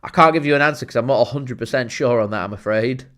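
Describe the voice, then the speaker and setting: A man chatting casually as a football fan streaming a watchalong, rambling with many fillers and getting excited when reacting to the play. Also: mid-range voice, quick pace. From Greater Manchester, England. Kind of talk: casual watchalong chat with live match reaction.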